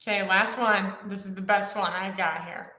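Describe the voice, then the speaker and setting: A woman co-hosting a webinar, asking quick-fire questions in a brisk, upbeat way on a video call. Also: medium pitch, fairly even intonation, pushed and bright, reverberant. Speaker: co-host running a quiz round.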